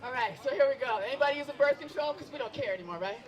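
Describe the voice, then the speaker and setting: A woman's voice: high voice, expressive, very fast, highs cut off. A middle-aged woman doing a stand-up set outdoors, teasing herself and bantering with the crowd. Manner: self-deprecating, bantering with the crowd. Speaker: stand-up comedian. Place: outdoor event. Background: crowd of onlookers.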